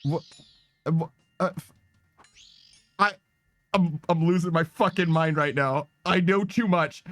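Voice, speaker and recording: A man's voice: on the high side, unhurried, long pauses, a bit bright, no room sound, faint music behind. A man streaming a game in casual chat, reading messages aloud, rambling, swearing often and laughing a lot.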